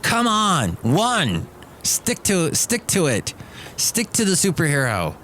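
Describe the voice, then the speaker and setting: A man's voice: on the high side, wildly swooping pitch, takes it slowly, bright, forceful tone, a little hiss or hum. A man hosting his own daily podcast, rambling and joking through his complaints. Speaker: podcast host. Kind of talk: casual solo podcast monologue.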